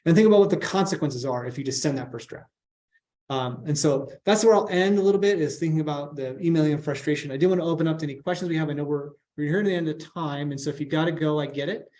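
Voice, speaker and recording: A man's voice: fairly high pitch, fast talker, a little mellow. A man presenting a workshop on professional communication in a casual, conversational way, often checking in with "right?".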